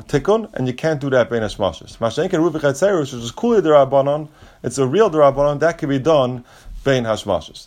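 A man's voice: mid-range voice, a little mellow. A man teaching a Talmud lesson, reading Aramaic and Hebrew phrases and restating each point step by step in plain English.

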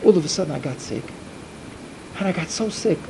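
A man telling a religious folk tale in the first person, slow and dramatic at times. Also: on the high side, expressive, gravelly, mellow, slight background noise, low-quality recording. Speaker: storyteller.

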